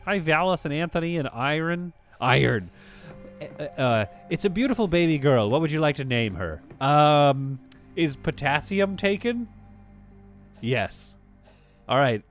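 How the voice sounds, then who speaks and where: A man rambles through live-stream commentary over a management game, talking to his chat in a loose, easygoing way. His voice sits at an ordinary middle pitch. Faint music plays underneath. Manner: chatty, rambling, reads chat aloud.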